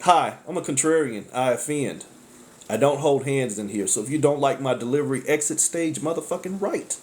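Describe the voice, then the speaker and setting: In an animated, normal-speed delivery, a male tarot reader holds a laid-back spiritual session full of profanity and blunt remarks. Frequent exclamations break in as he jumps from piercing high bursts to quiet, low asides.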